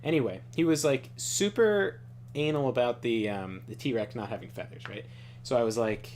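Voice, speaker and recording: A man's voice: mid-range voice, normal speed, a little mellow, slight background noise. A young man chatting casually over a card game, rambling, laughing and swearing freely. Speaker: show regular.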